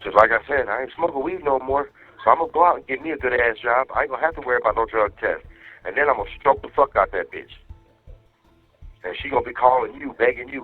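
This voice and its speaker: A man's voice: medium pitch, fast talker, breathy edge, no echo. A man calling his wife from jail, venting in a heated, profane way. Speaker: inmate on a jail phone call. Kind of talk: phone call to his wife. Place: jail phone. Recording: tinny jail phone line, faint music.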